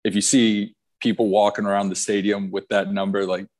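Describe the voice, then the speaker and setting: A man's voice: fairly low pitch, a little fast. A young man in his twenties, a pro soccer player, telling his story in a casual interview with lots of fillers. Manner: relaxed storytelling with fillers and repeats.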